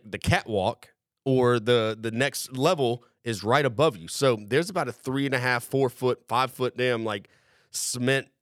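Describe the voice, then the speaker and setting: A young man spins a long, profane anecdote in a loose, rambling way. His voice sits at an ordinary middle pitch. The room sounds dry and close. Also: no room sound. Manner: profane, rambling, animated storyteller. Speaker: podcast host. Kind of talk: casual storytelling.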